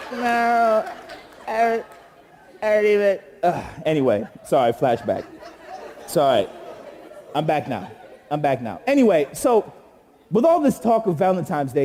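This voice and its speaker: Animated man hosting a live comedy show. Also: a little high, in a large hall. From Jamaica. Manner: animated, exaggerated storytelling with shouts and mock-outrage. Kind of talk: stand-up monologue to a live audience. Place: live studio stage with audience.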